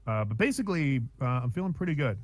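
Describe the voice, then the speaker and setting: A man's voice: mid-range voice, sing-song, fast talker, a little hiss or hum. Sarcastic man co-hosting a podcast. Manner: sarcastic, joking, ranting. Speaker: podcast co-host. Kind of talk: casual chat.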